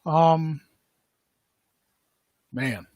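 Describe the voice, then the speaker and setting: A man's voice: on the high side, extremely slow, darkish tone, no echo. A man hosting a podcast, talking casually and rambling, with lots of fillers and frequent laughs. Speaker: podcast host. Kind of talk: casual livestream commentary.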